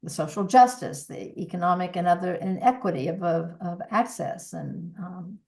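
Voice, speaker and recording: Earnest woman voice coach, low voice. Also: moderate pace, vocal fry, darkish tone. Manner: earnest, reflective, with frequent restarts. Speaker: podcast guest, voice coach. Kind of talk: conversational interview.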